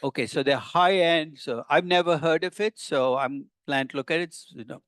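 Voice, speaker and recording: A man's voice: fairly high pitch, normal speed, a bit bright, dry recording. An older man, a professor giving a conversational classroom lecture with wry, teasing asides to his students.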